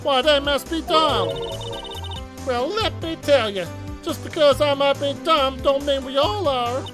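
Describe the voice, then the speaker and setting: A woman voicing a brash, feisty Southern country woman photographer with a loud, folksy drawl, over game music. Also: high voice, unhurried. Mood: scolding. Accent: Southern US drawl, put on. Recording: game music playing behind.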